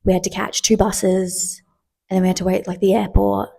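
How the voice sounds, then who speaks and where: A young woman tells stories on her podcast in a loose, chatty way, full of fillers. Her voice is husky and a little breathy, with a gravelly fry at the ends of her phrases. She often slips into the voices of the people in her stories. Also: medium pitch, little pitch movement, moderate pace, warm tone. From Australia. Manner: chatty, filler-heavy, acts out quoted exchanges. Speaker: podcast host. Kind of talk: casual storytelling.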